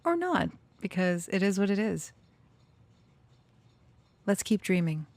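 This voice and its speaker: A woman speaking emotionally in a casual personal talk, nervous and close to tears, laughing softly between thoughts. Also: mid-range voice, very animated, takes it slowly, no echo. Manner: sings and half-whispers song lyrics. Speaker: channeler and storyteller.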